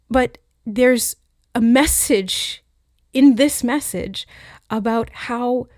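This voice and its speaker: A woman giving a channeled tarot reading, earnest and reflective, pausing to relay the messages she hears. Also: mid-range voice, darkish tone, dry recording, studio quality. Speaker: intuitive tarot reader.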